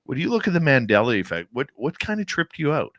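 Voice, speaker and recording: A man hosting a talk radio show, with a bright, forceful voice recorded dry and close to the mic. He chats casually with his co-host and reads news items aloud, a laugh creeping into his delivery. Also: medium pitch, sing-song, fast, no echo.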